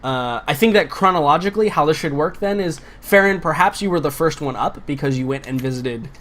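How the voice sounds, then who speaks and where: A man's voice: fairly high pitch, expressive, a little fast, fairly bright tone. A man narrating a tabletop game as game master, in loose narration full of fillers.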